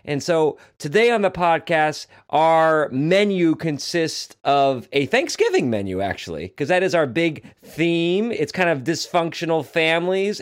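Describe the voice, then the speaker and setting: A man co-hosting a casual podcast chat, animated and joking, swearing casually. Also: fairly high pitch, clear, resonant tone. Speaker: podcast co-host.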